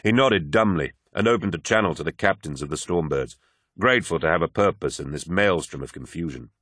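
Deep-voiced man narrating gravely. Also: animated, a bit bright, no room sound, studio quality. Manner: grave, measured storytelling. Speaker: audiobook narrator. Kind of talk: dramatic scripted narration.

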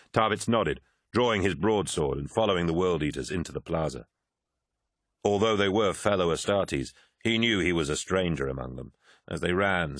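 A man narrates an audiobook in a very low, deep voice. His reading is measured and grave. The sound is dry and close to the mic, with no room around it. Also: fairly bright tone, no room sound. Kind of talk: scripted narration.

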